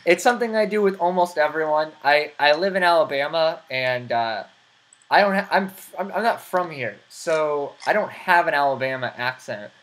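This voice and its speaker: Chatty, laughing American host. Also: male voice, on the high side, moderate pace, fairly bright tone. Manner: chatty, laughs a lot, rambling asides. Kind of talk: casual interview chat. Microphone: computer mic over a voice call.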